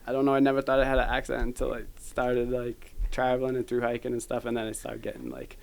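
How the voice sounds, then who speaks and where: A man's voice: mid-range voice, little pitch movement, fast, creaky. A man in his thirties with a Boston accent, a guest thru-hiker telling stories in a rambling, laid-back way full of fillers. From Lynn, Massachusetts, north of Boston. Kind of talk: casual interview chat.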